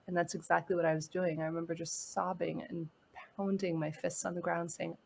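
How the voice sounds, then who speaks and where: A woman speaking in a fairly low voice, earnest and gently encouraging as she tells a personal story in an interview. A faint hiss of noise sits under the recording. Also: flat delivery, brisk, gravelly, few pauses. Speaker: guest. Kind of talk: heartfelt interview talk.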